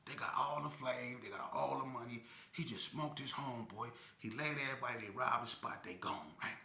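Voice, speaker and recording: A man spins a crime story in casual slang, acting out gunshots and blows with vocal sound effects. His voice is very bright and forceful. The recording has a roomy echo. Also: mid-range voice, a little fast. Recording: echoey room.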